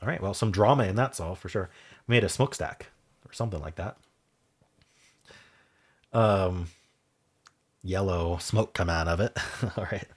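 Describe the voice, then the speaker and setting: A man hosting a word-puzzle video, thinking aloud as he solves it, spelling out letters and trailing off softly, with keyboard typing behind him. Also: low voice, moderate pace, pauses often, breathy edge. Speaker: Wordle video host.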